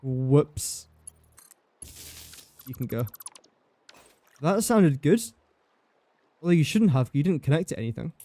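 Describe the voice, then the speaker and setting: A man's voice: on the high side, animated, slow pace, pauses often, mellow. A young man livestreaming a building game, chatting casually and joking at his own expense while he talks to the pieces he places. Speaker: livestreaming gamer.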